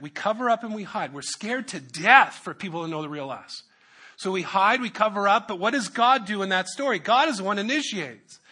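A man's voice: sits high, bright, forceful tone, husky. A male pastor preaching a sermon, joking with asides and repeating his key phrases.

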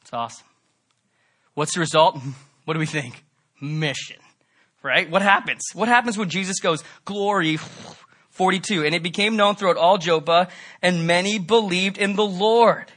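Fervent bright-voiced male preacher. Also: high-pitched, normal speed. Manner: fervent, swings from loud emphatic peaks to soft pleading. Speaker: pastor. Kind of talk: sermon.

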